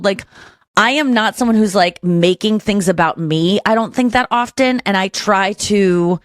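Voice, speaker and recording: A woman hosting a podcast in casual chat, talking frankly and rambling through quick asides. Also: medium pitch, no echo. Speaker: podcast host.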